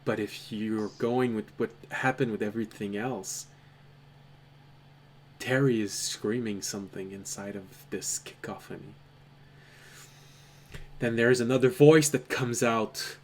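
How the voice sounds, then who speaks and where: A man narrating a tabletop role-playing game as game master, telling the scene in a measured, dramatic way. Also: on the low side, a little hiss or hum. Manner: slow, measured, dramatic storytelling.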